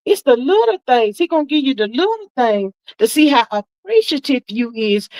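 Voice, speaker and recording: A woman's voice: normal speed, few pauses, no echo, poor audio. A woman in her sixties hosting a livestream, gossiping in a drawling, chatty way and calling everyone "child" and "honey". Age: 60s. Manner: lively, swoops high for emphasis. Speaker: livestream host. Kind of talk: casual gossip commentary.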